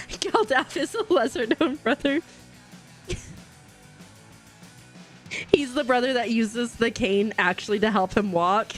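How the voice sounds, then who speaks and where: A woman's voice: a little high, sing-song, slow pace, long pauses, faint music behind. A woman streaming a game live, chatting casually, laughing often and greeting her chat viewers. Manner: bubbly, giggly, greets chat viewers warmly.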